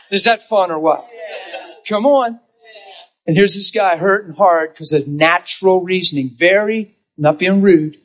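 Husky preaching man. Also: a little high. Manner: storytelling, emphatic and direct. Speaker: pastor. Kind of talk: sermon.

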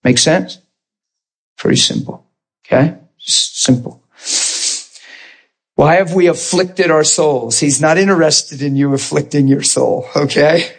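A man's voice: on the high side, measured pace, creaky, long pauses, slightly rough. A man preaching a conversational sermon in an informal, plain-spoken way, often checking in with his listeners.

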